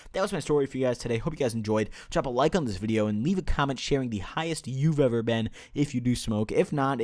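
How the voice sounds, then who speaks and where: A young man vlogging a casual storytime, rambling and profane, with lots of fillers and sudden swings in loudness. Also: medium pitch.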